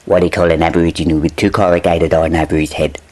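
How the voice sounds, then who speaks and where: A man's voice: sits low, level tone, rapid-fire, darkish tone. A drunk Australian man telling crude jokes, swearing, fumbling his setups and laughing at his own punchlines. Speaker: comedy podcast joke teller. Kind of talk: crude pub-style joke telling.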